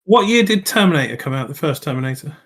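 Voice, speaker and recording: A man's voice: on the high side, animated, quick pace. A man playing a tabletop game, asking the game master questions in a casual way. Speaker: player. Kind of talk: casual tabletop role-play chat.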